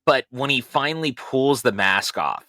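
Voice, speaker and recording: A man's voice: medium pitch, expressive, normal speed, pushed and bright, dry recording, clean studio sound. A middle-aged man co-hosting a casual film review podcast, enthusiastic and laughing often. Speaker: podcast co-host.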